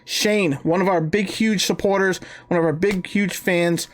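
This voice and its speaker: Animated, profane male podcast storyteller. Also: high-pitched, normal speed. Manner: animated storyteller, profane, acts out both sides of phone calls. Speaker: podcast co-host. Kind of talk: casual podcast chat.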